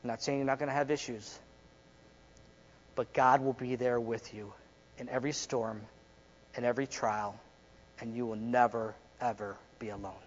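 A man's voice: medium pitch, fairly even intonation, normal speed, long pauses, dull audio, slight background noise. Man preaching in a reverberant hall. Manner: preaching with big swings from loud emphasis to hushed prayer. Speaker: pastor. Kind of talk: sermon. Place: church sanctuary.

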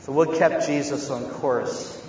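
A man preaching a sermon as a pastor, earnest, moving between hushed tones and loud emphasis. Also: fairly high pitch, unhurried. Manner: earnest, shifts from hushed to shouting. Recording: echoey hall, dull and slightly noisy.

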